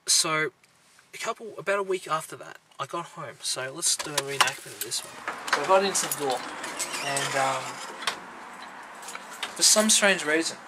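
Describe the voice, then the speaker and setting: A man's voice: fairly high pitch, moderate pace, heavy background noise. A man telling a personal testimony to camera, earnest and conversational, full of fillers and asking "right?" after his points. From Filipino family background. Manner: earnest, conversational, many fillers and tag questions. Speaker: vlogger.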